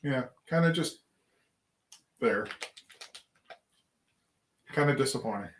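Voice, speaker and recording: A man co-hosts a casual snack tasting, introducing each product and giving quick verdicts. His voice moves up and down a lot as he talks, with a faint hiss in the background. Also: mid-range voice. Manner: quick, animated, presents products. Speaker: snack review show co-host.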